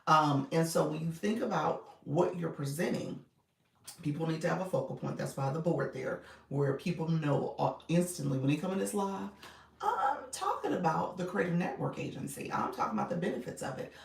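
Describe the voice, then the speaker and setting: A woman with a Chicago accent and a low, gravelly, brisk voice with lively intonation chats casually on a livestream as a coach, greeting viewers by name and laughing often. She's at a home setup with her phone on a stand, and the room is echoey, with the mic at a distance and faint noise.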